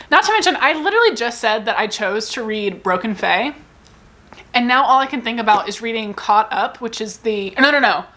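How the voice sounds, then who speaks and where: A woman's voice: on the high side, lively intonation, fairly quick, bright, forceful tone. A woman book vlogger in a casual, rambling, self-deprecating chat, talking about her reading.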